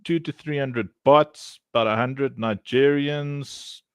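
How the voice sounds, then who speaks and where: A man's voice: medium pitch, slow pace, clean tone, no room sound, studio quality. A man from South Africa co-hosting a livestream, telling jokes in casual group chat and laughing often. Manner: joking, laughing often, deadpan teasing. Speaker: co-host of a livestream.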